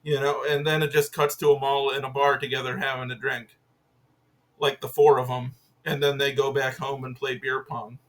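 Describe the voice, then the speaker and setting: A man's voice: mid-range voice, little pitch movement, moderate pace, a bit bright. A man casually reviewing a film, rambling with lots of fillers and swearing freely, amused by what he describes.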